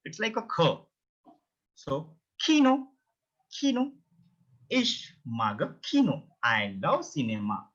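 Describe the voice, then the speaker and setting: A man's voice: mid-range voice, wildly swooping pitch, slow, sharp tone, husky. A man teaching a beginner language lesson, repeating each word several times. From India. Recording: dull, lo-fi sound.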